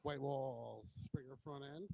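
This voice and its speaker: A man's voice: medium pitch, slow, gravelly, mellow, no echo, rough recording. A man hosting a casual walkaround of a bike show, chatting admiringly and joking, recorded on a handheld camera as he walks. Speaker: host.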